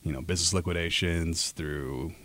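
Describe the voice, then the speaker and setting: A deep-voiced man from Alaska, in his thirties, is guesting on a radio program, earnestly describing his ad sales work amid frequent fillers and restarts. He keeps a steady tone at normal speed, and his voice sounds fairly bright. The exchange is a casual interview.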